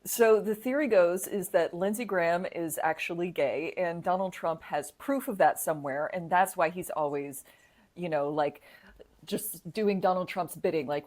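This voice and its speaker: A woman co-hosting a podcast, chatting in a sarcastic, animated way and laughing often. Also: fairly low pitch, moderate pace. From United States. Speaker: podcast co-host. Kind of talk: casual political comedy chat.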